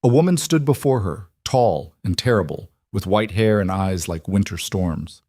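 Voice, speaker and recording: Male storybook narrator, steady and dramatic, low and dry. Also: normal speed, no echo. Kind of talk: scripted narration.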